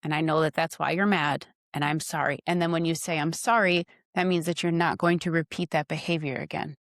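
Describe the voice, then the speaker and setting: A woman's voice: sits low, flat delivery, fairly quick, dry recording, clean studio sound. A woman who is a podcast guest, talking frankly about her marriage and giving direct advice, acting out little dialogues. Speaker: podcast guest, wife of host. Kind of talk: casual chat.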